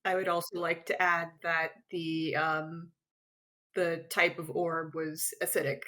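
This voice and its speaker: Slow-talking nervous giggly woman player. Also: lowish voice, little pitch movement, sharp tone, low-quality recording. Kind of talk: tabletop game play.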